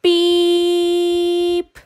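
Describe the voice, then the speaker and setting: A woman's voice: extremely high pitch, completely flat delivery, drawn-out words, darkish tone, pitched above the performer's own voice, heavily acted. A woman voicing a small, friendly male truck in a storybook, chirpy and eager, beeping as he talks. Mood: cheerful.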